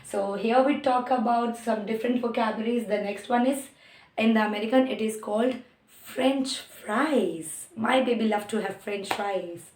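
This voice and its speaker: A woman with an Indian English accent giving an English lesson, repeating example words slowly and clearly. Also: on the high side, darkish tone, slight background noise. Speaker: English teacher. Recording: roomy echo.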